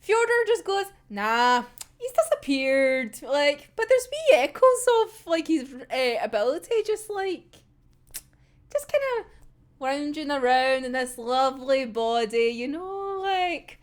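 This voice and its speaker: A woman in casual reaction commentary, animated, swearing a lot and breaking into frequent laughter. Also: high voice, unhurried.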